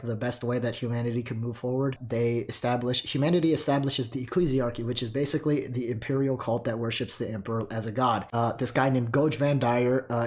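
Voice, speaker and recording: Young man, mid-pitch, tells lore in a loose rambling way, swears a lot, breathless, voice still recovering. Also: a little mellow. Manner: rambling, profane, lots of fillers. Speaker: lore explainer. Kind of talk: casual lore rundown.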